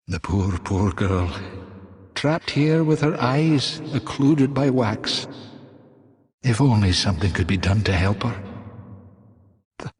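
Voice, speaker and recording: An actor playing a gentle, guilt-ridden middle-aged storekeeper in a video game, soft-spoken and kindly. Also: male voice, mid-range voice, long reverb tail. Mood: sorrowful. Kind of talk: video game character dialogue.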